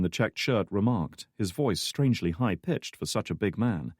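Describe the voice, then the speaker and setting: A male audiobook narrator reading a thriller in a measured, steady way. His voice sits on the low side. The recording is dry and close, with no room sound. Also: husky, no echo. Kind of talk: scripted narration.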